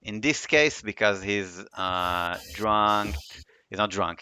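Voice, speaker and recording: A man with a low yet bright voice runs a tabletop game on a stream call. He talks casually and hesitantly, with fillers and easy laughs. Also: slow, clean tone. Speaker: game master.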